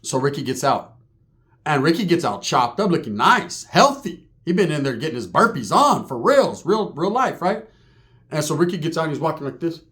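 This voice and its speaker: A male comic storyteller rambling through a raunchy tale, profane and animated. His voice sits a bit high and jumps around a lot in pitch. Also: normal speed. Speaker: comedian storyteller.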